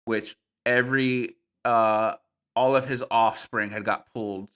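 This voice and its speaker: A man guesting on a podcast, telling tabletop game stories in a playful, animated way with plenty of fillers. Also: medium pitch, unhurried, smooth. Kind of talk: casual podcast conversation.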